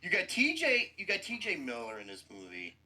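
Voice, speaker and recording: Animated foul-mouthed podcast host ranting. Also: male voice, on the high side, a little fast, slight background noise, low-quality recording. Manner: foul-mouthed, blunt, explosive outbursts. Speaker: podcast host reviewing a movie. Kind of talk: profane ranting movie review.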